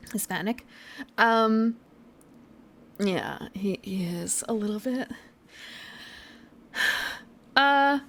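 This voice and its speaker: Chatty woman streaming a game. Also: fairly high pitch. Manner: chatty, trailing off, small laughs. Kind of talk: casual live game commentary.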